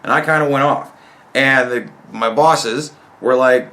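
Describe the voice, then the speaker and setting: A man's voice: medium pitch, a little slow, sharp tone. A young man telling a long, rambling story about a coworker in a profane, exasperated way. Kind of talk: casual storytelling rant.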